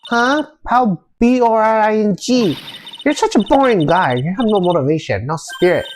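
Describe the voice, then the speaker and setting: A woman's voice: mid-range voice, animated, moderate pace, a little mellow, a little hiss or hum, voice pushed up, close to an everyday voice. A woman voicing a bubbly, mischievous young female spirit medium who teases in a bouncy way. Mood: teasing. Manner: teasing, bouncy, upbeat.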